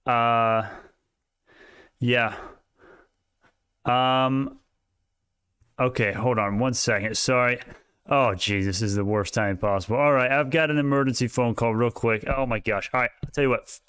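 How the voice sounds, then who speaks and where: A man hosting a live stock market stream, talking excitedly, laughing often and restarting his sentences, a little out of breath. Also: mid-range voice, unhurried, long pauses, smooth, dry recording, clean studio sound. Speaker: stock market livestream host. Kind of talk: casual livestream talk.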